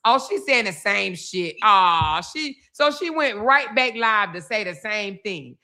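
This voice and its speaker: Woman, live-stream host, bright tone, sassy, teasing, laughing, casual commentary. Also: mid-range voice, expressive, measured pace, hardly any pauses.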